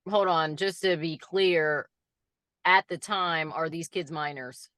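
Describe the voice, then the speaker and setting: Bright-voiced giggly podcast co-host. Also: mid-range voice, steady tone, no echo. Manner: giggly, chiming in with quick questions and asides. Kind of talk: casual chat.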